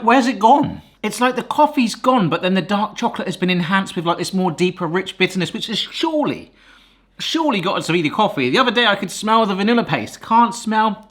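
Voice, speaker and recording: A man chats through his cooking vlog, exclaiming often as he goes. His pitch leaps around a lot. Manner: chatty, excitable, exclaims often. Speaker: cooking video host.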